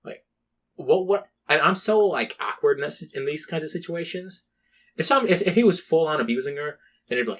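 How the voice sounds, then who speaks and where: A man's voice: fairly high pitch, expressive, a little fast, a bit bright. Rambling, swearing young man storyteller. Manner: rambling storyteller, swears a lot, acts out quotes. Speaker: podcast co-host. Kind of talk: casual chat.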